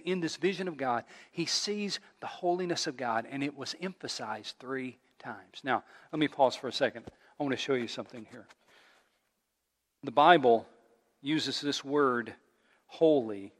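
A man preaching a sermon as pastor, emphatic and repetitive, sometimes dropping his voice low for effect. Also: a bit bright. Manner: emphatic preaching with repetitions and dramatic drops to near whisper. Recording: long reverb of a large hall.

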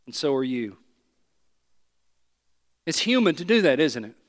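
Male pastor, a bit high-pitched, conversational sermon delivery, big hall reverb. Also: big pitch swings, unhurried. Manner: conversational preaching, voicing imagined prayers.

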